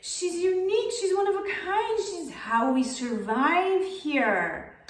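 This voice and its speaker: A woman voicing a humble village man who pleads in a voice that jumps high and strains. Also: lively intonation, takes it slowly, exaggerated voice. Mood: distraught. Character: humble village man, distraught over his cow. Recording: roomy, distant mic.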